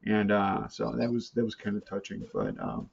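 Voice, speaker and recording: A man's voice: on the low side, level tone, moderate pace, creaky, husky. Hesitant man on a muffled video call. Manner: hesitant, many fillers and restarts. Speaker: support group member. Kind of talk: casual chat on a video call. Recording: slightly muffled call audio.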